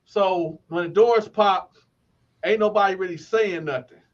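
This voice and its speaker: A man's voice: high-pitched, measured pace, highs cut off. A man from Flint telling stories in a casual way, laughing often and acting out other people's voices. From Flint, Michigan. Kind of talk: casual storytelling.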